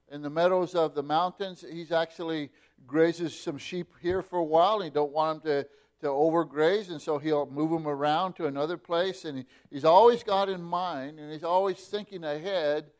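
A middle-aged male pastor preaching a sermon, speaking slowly with many repeated words and fillers. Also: a little high.

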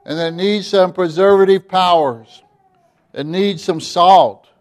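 A man preaching a sermon, emphatic, dropping quiet and then rising loud. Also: sits high, takes it slowly.

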